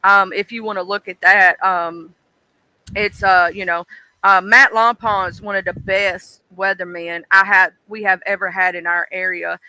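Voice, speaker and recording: A woman's voice: mid-range voice, fairly even intonation, normal speed, sharp tone, clear, resonant tone, poor audio. A woman from Mississippi with a Southern accent, chatting casually and folksily on her livestream, swearing freely and laughing often. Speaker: livestream host. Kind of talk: casual chat.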